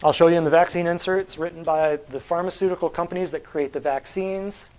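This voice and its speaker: A man's voice: a little high, steady tone, fairly quick, a little mellow, poor audio. A man giving a natural health talk to a live audience, blunt and combative, quizzing the room with questions.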